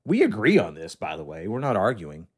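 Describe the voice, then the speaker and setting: A man's voice: deep voice, wildly swooping pitch, fairly quick, darkish tone, slightly rough. A man hosting his podcast in casual chat, joking with a dry, sarcastic tone into a studio microphone. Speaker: podcast host.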